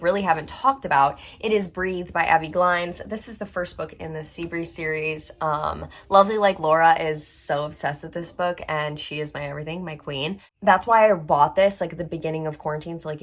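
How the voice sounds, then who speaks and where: Young woman, book vlogger, low-pitched but bubbly, chatty, lots of filler words. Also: a bit bright. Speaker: book channel host. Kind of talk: casual book vlog chat.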